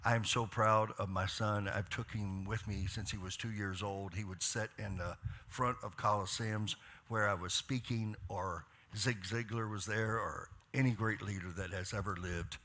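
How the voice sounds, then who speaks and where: A male pastor with a somewhat low voice preaches from a church stage. He speaks warm encouragement to the congregation. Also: steady tone, normal speed. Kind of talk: sermon.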